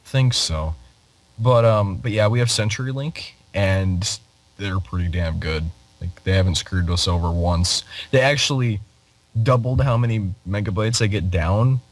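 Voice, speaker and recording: Young male co-host, low-ish voice, relaxed and wry. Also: unhurried, low-quality recording. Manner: laid-back, wry quips. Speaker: podcast co-host. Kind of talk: casual chat.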